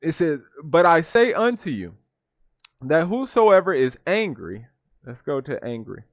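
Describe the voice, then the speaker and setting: A man's voice: fairly high pitch, very animated, measured pace, no echo. Man teaching scripture, asking "right?". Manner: reads verses then defines words, repeats "right?". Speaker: Bible teacher. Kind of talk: scripture study talk.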